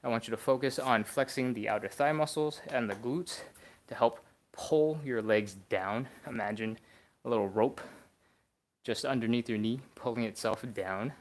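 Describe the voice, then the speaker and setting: A man's voice: mid-range voice, normal speed. A young man casually leading a beginner stretching workout, explaining each position and counting down the holds. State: out of breath. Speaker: stretching instructor. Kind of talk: live-streamed workout instruction.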